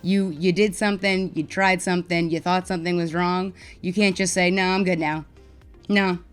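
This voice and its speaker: A young woman with a New York accent, frankly and wryly telling her own story to camera, turning loud and heated as she retells arguments. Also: lowish voice, flat delivery, moderate pace, smooth, soft background music. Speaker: mental health advocate vlogger. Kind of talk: casual personal storytelling to camera.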